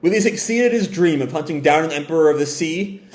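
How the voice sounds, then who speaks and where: A man voicing a cold, calculating male pirate who lectures his enemy with calm condescension. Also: on the high side, fast talker, echoey room, lightly acted. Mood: smug.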